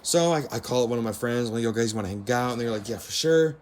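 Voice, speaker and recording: A teenage boy recounts a school story in a loose, rambling way, leaning on fillers and slipping into quoted lines from friends and teachers. His voice sits at an ordinary middle pitch for a young man, with a faint hum of noise behind it. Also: rapid-fire. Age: teens. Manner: rambling, filler-heavy retelling with quoted dialogue. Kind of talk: casual storytime narration over gameplay.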